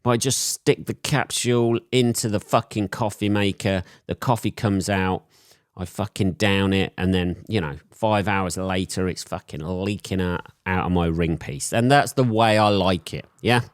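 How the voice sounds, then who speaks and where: A man's voice: low voice, moderate pace, no echo, clean studio sound. A man with a sore throat from a cold, hosting a solo podcast and rambling in crude, profane jokes. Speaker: podcast host.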